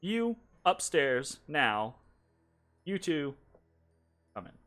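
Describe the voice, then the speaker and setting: A man voicing a small, flustered shopkeeper who speaks in hurried, fussy bursts and then gives curt orders. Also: on the high side, very animated, fairly bright tone, faint music behind, full character voice. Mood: bossy.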